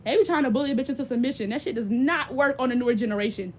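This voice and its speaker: A young woman giving blunt, profane, big-sister advice in casual chat, animated and often mimicking other people's voices. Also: on the high side, rapid-fire, slight background noise. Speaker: livestream host.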